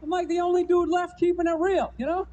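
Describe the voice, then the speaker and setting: High-voiced, rambling stand-up comic man. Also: little pitch movement, fast, dark tone, lo-fi sound, a little hiss or hum. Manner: loose, rambling delivery full of "you know" and "man". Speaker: stand-up comedian. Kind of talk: stand-up routine.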